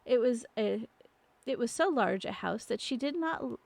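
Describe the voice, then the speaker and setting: A woman reading a storybook aloud on a live stream, unhurried, with small slips and restarts. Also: on the high side, animated, creaky, darkish tone, dry recording. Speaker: storybook narrator.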